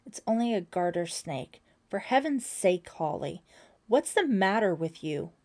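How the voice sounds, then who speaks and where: A woman voicing a scornful older female camp counselor who speaks with sharp contempt. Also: medium pitch, big pitch swings, unhurried.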